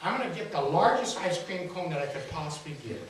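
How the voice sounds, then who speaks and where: A man voicing a gloomy, complaining man who sees the dark side of everything, recorded from a distance in an echoey hall with faint hiss. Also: a little high, expressive, a little fast, natural voice. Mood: hopeful. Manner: griping, world-weary.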